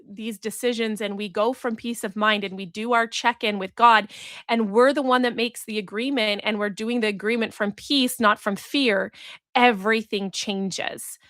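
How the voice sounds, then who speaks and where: A woman's voice: fairly high pitch, a bit bright, no echo, clean studio sound. A woman hosting a solo podcast, telling a story in an earnest, reflective way and acting out the voices she quotes. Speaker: podcast host and business coach.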